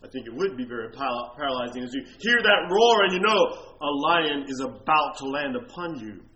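A man preaching a sermon, reading scripture aloud slowly and loudly, then explaining it in a quieter voice. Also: medium pitch, lively intonation. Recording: echoey room with faint noise.

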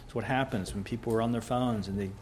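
Man preaching with loud emphatic swells. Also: mid-range voice, steady tone, quick pace, a little hiss or hum. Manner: swings from loud emphatic peaks to quiet soft asides. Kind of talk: sermon.

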